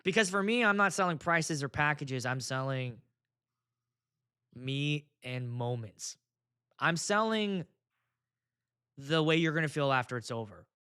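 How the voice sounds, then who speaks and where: A man hosting a casual podcast, telling stories in an animated, profane, comic ranting way. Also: fairly high pitch, measured pace, pauses often, clean tone. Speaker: podcast host, wedding DJ.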